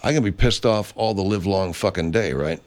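A man's voice: deep voice, fairly quick, a little mellow. A middle-aged man hosting a podcast, musing in a casual, rambling monologue full of swearing and restarts. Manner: rambling, profane, many restarts. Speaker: podcast host.

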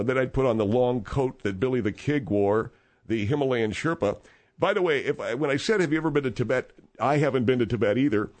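A man's voice: fairly high pitch, close to an everyday voice. A man doing a rambling boastful steakhouse owner. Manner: rambling, self-important storytelling. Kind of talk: radio comedy monologue.

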